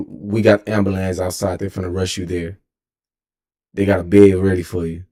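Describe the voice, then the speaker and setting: Here a young man with a Texan drawl, in his twenties, spins a loose, foul-mouthed streamer story and keeps correcting himself. The voice sits low with a dark tone, little pitch movement, and a moderate pace.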